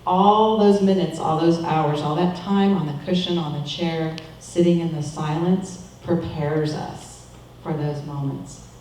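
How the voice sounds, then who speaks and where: Calm woman preaching in an echoey room. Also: deep voice, recorded from a distance, a little hiss or hum. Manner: calm, measured, reflective. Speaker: minister. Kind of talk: sermon.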